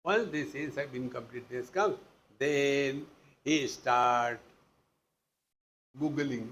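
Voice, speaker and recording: A man's voice: medium pitch, slow, a bit bright, slight background noise, low-quality recording. A man with an Indian accent giving a Vedanta discourse, teasing his listeners and acting out the people in his stories. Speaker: spiritual teacher.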